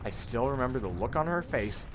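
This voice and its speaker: A man's voice: mid-range voice, expressive, fairly quick, background noise. Rambling young man telling a story. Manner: rambling, restarts, swears freely. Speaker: let's play co-host. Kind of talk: casual gaming chat, storytelling.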